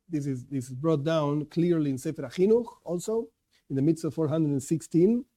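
Male lecturer, religious class, earnest and emphatic, voice pitched somewhat high. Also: dark tone. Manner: earnest, stresses key words, repeats and restarts. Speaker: Torah teacher.

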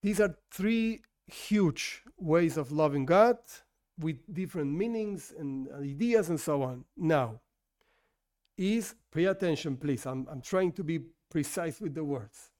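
An unhurried man with a fairly high, darkish voice and lively intonation teaches Torah informally in English, not his native tongue. His talk is conversational, self-correcting, and full of questions he answers himself.

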